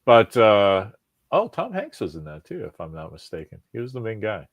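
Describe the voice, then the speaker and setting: Low-voiced man rambling with profanity. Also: moderate pace, no room sound, dull audio. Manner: rambling, profane, animated storytelling with many restarts. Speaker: podcast host. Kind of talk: casual chat.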